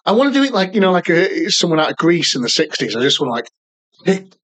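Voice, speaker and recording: A man's voice: sits high, sing-song, fast, fairly bright tone, poor audio. A man co-hosting a podcast, chatting casually over beers in a rambling, sweary, jokey way. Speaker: podcast co-host. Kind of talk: casual pub chat.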